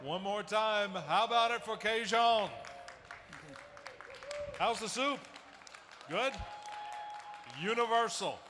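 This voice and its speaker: A man's voice: high-pitched, takes it slowly, long pauses, background noise. A man hosting a festival cooking stage, with joking, upbeat patter to the crowd. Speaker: stage emcee. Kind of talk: event hosting.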